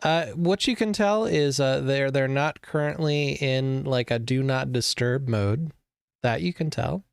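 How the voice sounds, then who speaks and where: A man narrating as game master of a tabletop game, describing scenes in an unhurried way with many fillers. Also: medium pitch, vocal fry, smooth, no room sound, studio quality.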